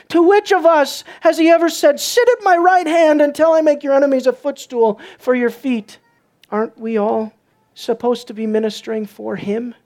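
A woman preaching a sermon, swinging from soft, low passages to loud, emphatic peaks. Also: a little fast.

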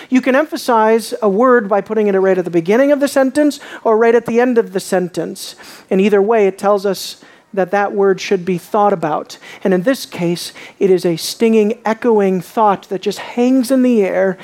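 A man preaching a sermon, asking his listeners questions and dropping low and quiet on key lines. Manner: asks the audience questions.

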